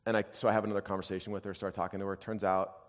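A male pastor with a fairly low voice delivers a storytelling sermon. He pushes some passages out loud and emphatic, then drops to a hushed undertone. His voice carries a long reverb, as if recorded in a large church hall. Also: little pitch movement, very fast.

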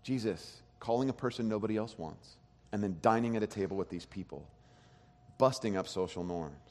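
A man preaching a sermon as pastor, animated, swinging between hushed and loud. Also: lowish voice, a little fast. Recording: long hall reverb.

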